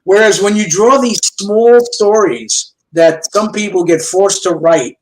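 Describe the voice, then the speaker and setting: An older man with a high voice, telling a story as a guest in an interview. He narrates in a lively way and keeps slipping into the voices of the people in his tales, over a remote video call. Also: measured pace, rough recording. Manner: lively storyteller who acts out quoted dialogue. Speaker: guest comic book artist. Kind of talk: storytelling anecdotes in a chat show interview.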